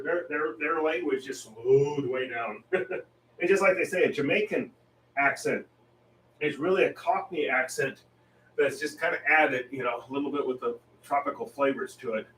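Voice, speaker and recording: A man with a slightly higher voice talks casually while he paints. He rambles in an easygoing way and laughs often. He sits back from the mic, and the sound is roomy. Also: fairly bright tone, far from the mic, slight background noise. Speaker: painting stream host.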